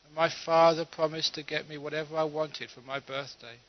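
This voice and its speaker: A man's voice: fairly high pitch, level tone, brisk, highs cut off, close to an everyday voice. A man playing a young hired actor who pretends to grieve, pleading in a plaintive tone.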